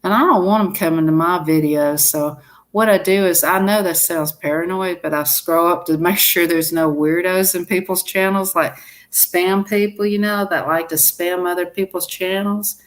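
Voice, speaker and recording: A woman's voice: lowish voice, fairly even intonation, normal speed. A woman chatting casually to her live-stream viewers, rambling and laughing often.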